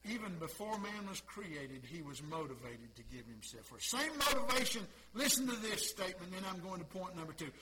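A man preaching a sermon, impassioned, moving between quiet asides and loud exclamations. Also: sits high, expressive, brisk, hardly any pauses, a loud crowd, rough recording. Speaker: pastor.

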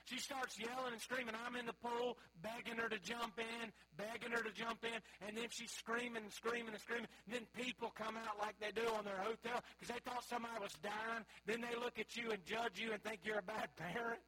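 High, bright-voiced preacher man. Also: fairly even intonation, a little fast, hardly any pauses, slightly rough, poor audio. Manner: folksy, storytelling, calls out to the congregation. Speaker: pastor. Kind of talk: sermon.

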